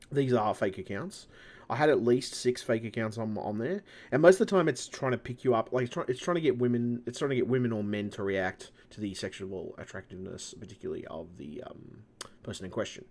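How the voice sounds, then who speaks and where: A channel host with a mid-range, slightly mellow voice rambles into his home computer mic for a casual vlog. He's frustrated and swears constantly, often restarting sentences and trailing off.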